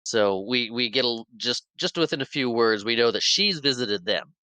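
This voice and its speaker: A man's voice: medium pitch, moderate pace, clear, resonant tone, no echo, poor audio. A man co-hosting a podcast, casually retelling a film's scenes and acting out the characters' lines. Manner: animated retelling, acts out character lines with laughs. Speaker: podcast co-host. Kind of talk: casual movie recap chat.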